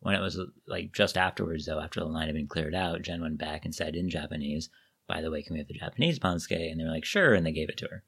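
A man co-hosting a podcast, telling stories in a relaxed, rambling way. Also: extremely low pitch, quick pace, vocal fry, breathy edge. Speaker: podcast co-host. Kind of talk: casual chat.

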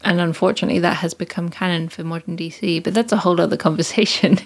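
A woman with a slightly low voice co-hosts a podcast in easygoing conversation. She talks loosely and informally and laughs often. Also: steady tone, fast. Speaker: podcast co-host. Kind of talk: casual chat.

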